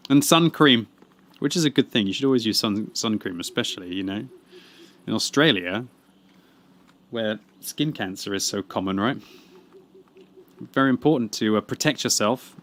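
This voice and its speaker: A man's voice: mid-range voice, lively intonation, moderate pace, long pauses, fairly bright tone. A British man chatting casually while streaming a game, teasing and rambling as he reads out chat messages. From Britain. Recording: clear background game noise.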